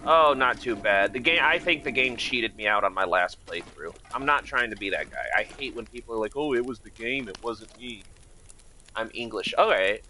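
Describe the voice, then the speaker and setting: A man's voice: lowish voice, lively intonation, brisk, few pauses, bright, forceful tone, a little hiss or hum. A man from Michigan chatting casually with viewers while streaming a game, rambling and greeting people by name. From Michigan, United States. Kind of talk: casual live-stream chat while playing.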